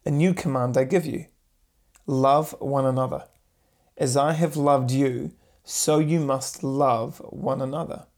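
A man co-hosting a podcast, reading scripture aloud at a steady pace between short agreeing remarks. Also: medium pitch, measured pace. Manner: reads steadily, brief agreeing interjections. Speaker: podcast co-host. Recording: voice from far off the mic.

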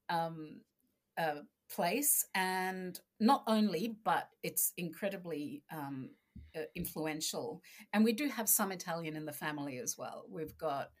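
A woman from Argentina, a podcast guest telling family stories in a casual, animated way and acting out voices. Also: lowish voice, unhurried. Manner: animated storyteller, acts out voices. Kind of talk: casual interview chat.

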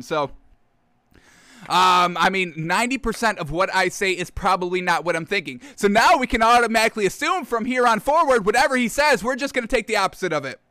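A man doing casual sports commentary, excitable and profane, who keeps calling the audience folks. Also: high voice, brisk, dry recording, clean studio sound. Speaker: sports talk host.

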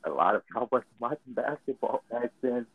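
A man co-hosting a casual podcast chat, an animated and slangy storyteller who laughs often. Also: mid-range voice, a little fast, breathy edge, no room sound. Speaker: podcast co-host. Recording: tinny phone-like line, dry.

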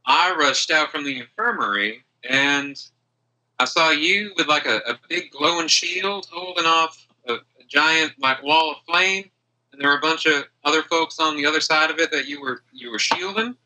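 A man's voice: fairly high pitch, normal speed, pushed and bright, poor audio. A man voicing a hungover, friendly female dwarf warrior who chats and rambles gratefully. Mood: recounting.

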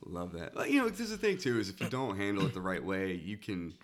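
A man in casual podcast talk, animatedly telling a comedy club story and leaping into high shouts for quoted lines. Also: huge pitch swings, a little fast. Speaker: stand-up comedian and podcast host.

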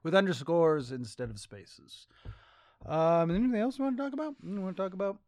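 Man, casual podcast banter, a bit high-pitched, dry close sound. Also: lively intonation, brisk, darkish tone, no room sound. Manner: loose, joking, swears casually. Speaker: podcast co-host. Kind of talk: casual chat.

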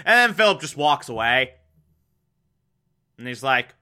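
Bright-voiced young man recapping a show. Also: medium pitch, very animated, unhurried, long pauses, clear, resonant tone. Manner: chatty, filler-heavy, with wry sarcasm. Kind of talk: casual episode recap.

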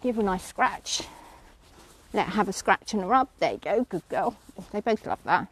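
A woman's voice: medium pitch, animated, moderate pace, fairly bright tone, a little hiss or hum. Middle-aged lady rambling at the yard, keeps telling the horse go on, outdoors. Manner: chatty, breaks off to call commands to the horse. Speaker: horse owner vlogger. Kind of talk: casual chat while lunging a horse.

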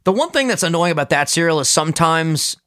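Fast, bright-voiced young man. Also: on the high side. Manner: animated, profane, jokey. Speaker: podcast co-host. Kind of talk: casual chat.

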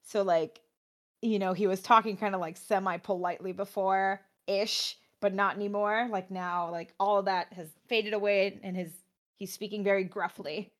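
A young woman talks through a video game in a relaxed, chatty way. She narrates the scenes and translates the characters' lines as she goes, dotting her speech with "like" and "uh." Her pitch sits in a middle range for a woman. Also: moderate pace. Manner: chatty, translating game dialogue with frequent fillers. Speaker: game commentator. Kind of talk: casual let's-play commentary.

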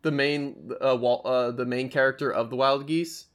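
A man's voice: mid-range voice, fairly even intonation, normal speed. A man in casual group chat about an anime, opinionated and rambling, swearing often.

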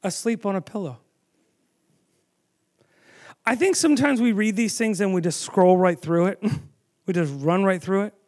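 This sermon comes from a man with a high voice speaking at a moderate pace, who tells the story animatedly and asks the audience questions.

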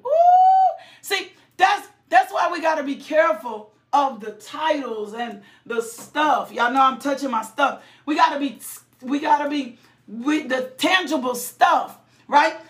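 A woman with a high voice preaching a passionate sermon. She shouts, breaks into sudden high cries and call-outs, and doubles back over her words as the feeling builds. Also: animated. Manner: halting, repeating phrases. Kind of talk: impassioned sermon.

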